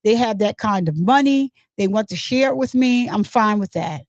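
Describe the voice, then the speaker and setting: A woman's voice: medium pitch, lively intonation, moderate pace, darkish tone, dry recording, natural voice. A woman reading as a hesitant male witness. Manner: plain, hesitant recounting. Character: male witness testifying in court. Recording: dull lo-fi, dry.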